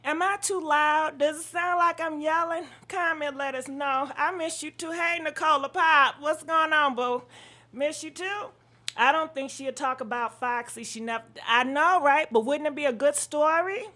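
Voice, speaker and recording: Bright, high-voiced woman chatting on a live stream. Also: moderate pace. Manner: chatty, swears freely, greets commenters by name. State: out of breath. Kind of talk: casual live-stream gossip chat.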